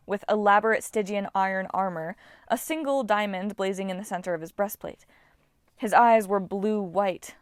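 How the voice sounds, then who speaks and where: A woman narrating an audiobook in a calm, even storytelling manner. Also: mid-range voice, no echo, studio quality. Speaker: audiobook reader.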